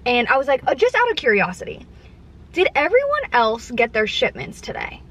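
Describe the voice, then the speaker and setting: A woman vlogger chatting from her car, retelling a frustrating customer service story in an exasperated, animated way with quoted dialogue. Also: high voice, normal speed. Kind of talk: casual storytime chat. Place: parked car. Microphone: camera mounted in car.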